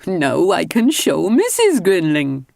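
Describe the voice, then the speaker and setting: A woman's voice: lowish voice, wildly swooping pitch, slow, vocal fry, darkish tone, no echo, clean studio sound, exaggerated voice. A woman voicing a stubborn, proud old male lighthouse keeper in a storybook reading.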